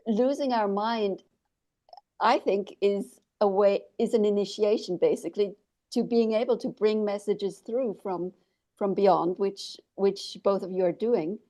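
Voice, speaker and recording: A woman's voice: medium pitch, unhurried, mellow. A woman hosting an interview, asking curious questions and prompting her guests to go on. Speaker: interview host. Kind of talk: casual interview conversation.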